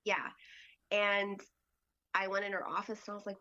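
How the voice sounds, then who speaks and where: A woman guest on a podcast tells a story in a loose, chatty way, padded with fillers and acted-out quotes. Her voice sits mid-pitch, and the recording is dull and lo-fi. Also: animated, moderate pace, creaky, bright, forceful tone. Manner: chatty, acts out quoted dialogue with lots of fillers. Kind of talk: casual storytelling.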